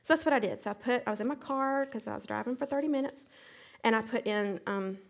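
A middle-aged woman teaching a Bible study, retelling a hectic day as an animated testimony with sound effects. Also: on the high side, fast talker, vocal fry.

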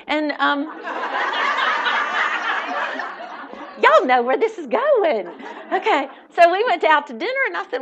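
A woman with a high, bright voice tells a personal faith story to a live audience. She is animated, laughs often and acts out the people she quotes. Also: unhurried, long pauses, lo-fi sound. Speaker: speaker at a Christian event.

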